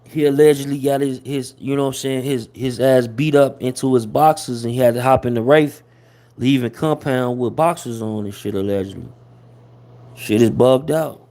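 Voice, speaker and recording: A man's voice: mid-range voice, moderate pace, mellow. A man hosting a casual livestream, talking loosely with lots of slang and fillers. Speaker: host of a hip-hop gossip livestream.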